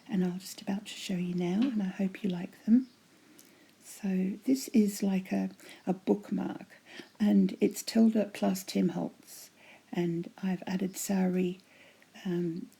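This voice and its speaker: A chatty woman with a voice going hoarse, gushing over her handmade crafts in a casual show-and-tell at home, often dropping to a breathy half-whisper. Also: medium pitch, mellow. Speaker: craft vlogger showing giveaway prizes.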